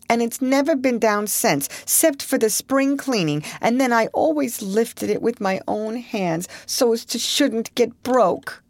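A woman voicing a sour, aggrieved middle-aged farm wife with sharp, plaintive rural speech. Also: on the low side, no echo.

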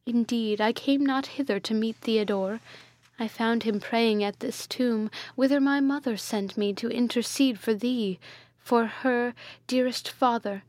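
A woman voicing a gentle dying young princess. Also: on the high side, fairly even intonation, measured pace, no echo, close to an everyday voice. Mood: pleading.

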